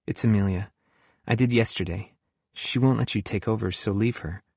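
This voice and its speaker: A man's voice: lowish voice, moderate pace, creaky, darkish tone, breathy edge, dry recording. A man voicing an earnest, hurt young woman who works as a camp counselor, in an audiobook. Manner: earnest, hurt, talks frankly about her feelings. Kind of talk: audiobook dialogue reading.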